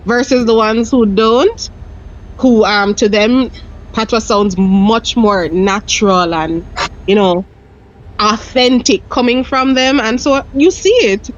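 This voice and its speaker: A woman's voice: on the high side, slow, dull audio, slight background noise. A woman in a casual podcast chat, talking freely and often adding "you know". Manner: chatty, peppers speech with "you know".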